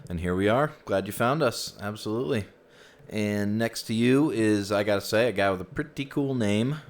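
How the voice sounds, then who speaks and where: Low-voiced male host, easygoing and chatty, headset mic. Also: moderate pace. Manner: easygoing, chatty, frequent "you know" and "um". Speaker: host of a virtual reality group session. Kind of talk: casual group hosting.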